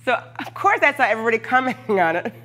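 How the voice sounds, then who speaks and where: A woman's voice: fairly high pitch, sing-song, fast talker, sharp tone, faint music behind. Hyper chatty woman streaming live. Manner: hyper, chatty, laughs often. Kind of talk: casual livestream chat with viewers. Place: her workshop space.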